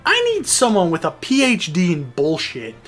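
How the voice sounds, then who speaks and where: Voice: medium pitch, normal speed. Sarcastic let's-play voice, swings up and down a lot, laughs constantly, faint game music behind. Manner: excitable, sarcastic, laughs often. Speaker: gameplay commentator. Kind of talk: casual let's-play commentary.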